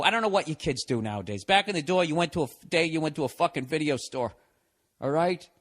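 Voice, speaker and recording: A man in his forties from the United States talks through a solo podcast episode. He reads a listener's email aloud and answers it with a profane, sarcastic rant. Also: a little high. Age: 40s. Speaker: podcast host. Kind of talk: casual podcast monologue reading a listener email.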